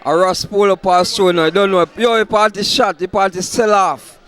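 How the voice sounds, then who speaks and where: Hyped Jamaican man giving shout-outs. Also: sits high, moderate pace, clear, resonant tone. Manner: excited, hyping. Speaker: event interviewer. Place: outdoors at a party.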